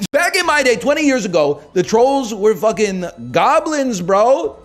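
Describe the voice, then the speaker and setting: A man streaming live and chatting casually, joking and swinging from muttered asides to loud, animated rants. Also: very high-pitched, unhurried, soft background music.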